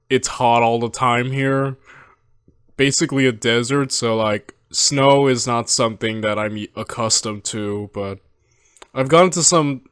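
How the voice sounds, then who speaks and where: A man in his twenties hosting a movie reaction, talking in a rambling, halting, heartfelt way from home. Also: mid-range voice, fairly bright tone, clean tone, dry recording, clean studio sound. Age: 20s. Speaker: reaction video host. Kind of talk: casual reflective commentary.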